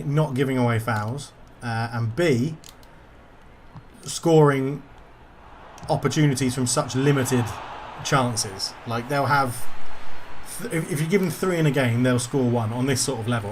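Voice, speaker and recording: A man talks over his football video game as he plays it, rattled and grumbling at the referee and the computer. His pitch sits in the middle range. A faint hiss of background noise runs under his voice. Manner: frustrated, swearing at the game. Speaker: gaming YouTuber.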